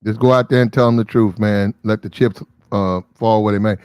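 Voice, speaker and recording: A man's voice: lowish voice, fairly even intonation, brisk, a little mellow, clean tone, no room sound. A man hosting a casual livestream, talking bluntly and incredulously and swearing freely. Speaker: livestream host. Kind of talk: casual commentary.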